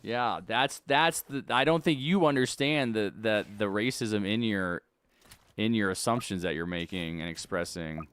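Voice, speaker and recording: A man's voice: on the low side, moderate pace, fairly bright tone, clear, resonant tone. A young man streaming a game at home, talking casually into a desk mic and arguing back at his chat with rambling restarts. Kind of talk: live-stream chat while gaming.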